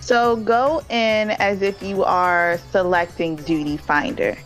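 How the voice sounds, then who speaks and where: A woman on a voice chat patiently explains game mechanics to a friend in a casual, helpful way. Her pitch is mid-range, and faint music plays in the background. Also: fairly even intonation, takes it slowly, low-quality recording. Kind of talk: casual gameplay talk.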